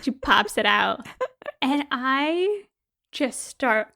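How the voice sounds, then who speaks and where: A young woman with a high voice co-hosts a podcast, recounting a story in easygoing chat. She is animated and breaks into laughter often as she talks. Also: drawn-out words. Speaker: podcast co-host.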